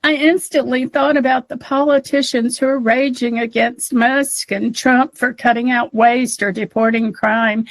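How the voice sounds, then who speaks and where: A woman's voice: fairly high pitch, steady tone, a little slow, few pauses, dry recording. An American woman co-hosting a political talk podcast, speaking emotionally and near tears. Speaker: podcast co-host. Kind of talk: casual political chat.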